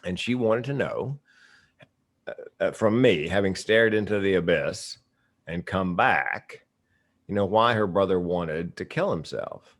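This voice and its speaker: A man's voice: sits low, lively intonation, unhurried, fairly bright tone. A middle-aged man, a comedian and speaker, telling stories as a guest in a casual interview, with punchy comic timing.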